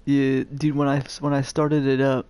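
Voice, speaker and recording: A man's voice: medium pitch, monotone, moderate pace, darkish tone, clean tone, no echo. A man streaming a game and chatting casually with a friend, laid-back, swearing freely and laughing often. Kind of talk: casual gaming chat.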